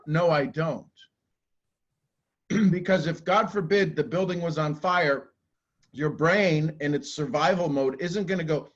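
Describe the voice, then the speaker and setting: A man giving a live talk to a group, animated and casual, acting out quoted voices and swearing now and then. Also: on the high side, measured pace, lo-fi sound. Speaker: motivational speaker.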